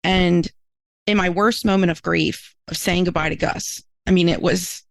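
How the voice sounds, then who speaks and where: Creaky-voiced woman telling a personal story. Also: lowish voice, steady tone, moderate pace, no room sound, poor audio. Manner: earnest and emotional, voice climbing when moved. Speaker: minister and writer, podcast guest.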